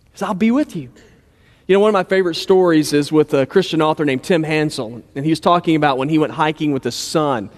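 In what sounds like a big hall with lengthy reverb, a pastor with a notably high-pitched voice gives an easygoing, conversational sermon. He frequently sinks to a quiet, low tone for emphasis.

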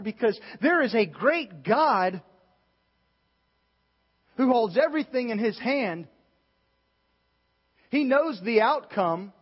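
Young male youth pastor, fervent preacher, high voice, muffled sound in a big echoing hall. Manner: passionate, emphatic preaching with many restarts. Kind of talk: sermon. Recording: dull sound with long reverb in a large hall.

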